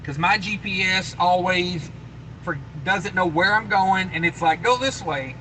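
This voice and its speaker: A man chats loosely on a trucking livestream, reading out viewer comments and repeating himself as he goes. His voice sits a bit high and comes across tense and forceful. A faint hum of vehicle noise runs underneath. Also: steady tone, unhurried, rough recording. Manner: laid-back and rambling, with many fillers and repeated phrases. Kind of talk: casual live chat, reading viewer comments aloud.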